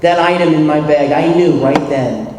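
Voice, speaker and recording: A man with a New York accent telling his recovery story at a convention, animated, acting out dialogue and laughing often. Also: on the high side, moderate pace. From New York City. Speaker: recovery meeting speaker. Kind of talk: personal recovery story talk. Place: convention hall. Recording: echoey hall, distant mic, faint hiss.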